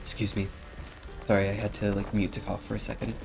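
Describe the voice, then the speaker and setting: Guy rambling on stream, flat creaky voice, lots of likes and ums. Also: lowish voice, fast talker. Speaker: livestreamer. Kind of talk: casual chat while playing a game. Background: faint game music.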